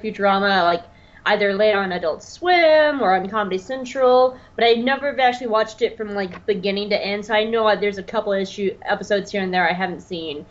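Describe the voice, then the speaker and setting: A woman's voice: medium pitch, muffled recording. A woman co-hosting a podcast from her bedroom, chatting casually with lots of fillers and laughs. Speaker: podcast co-host.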